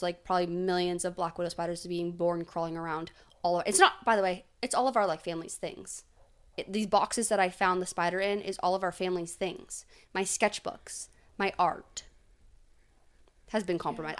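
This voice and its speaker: A woman's voice: fairly low pitch, a bit bright. A young woman co-hosting a podcast, chatting casually and rambling with lots of "like". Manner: rambling, heavy on "like". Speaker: podcast co-host. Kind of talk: casual chat.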